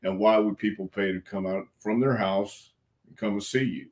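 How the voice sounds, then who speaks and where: Older man, low voice, frank folksy storyteller, frog in his throat. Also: fairly even intonation, normal speed, a little mellow. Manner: frank, folksy, earnest, with some cussing. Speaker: wrestling coach, interview guest. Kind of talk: casual storytelling interview.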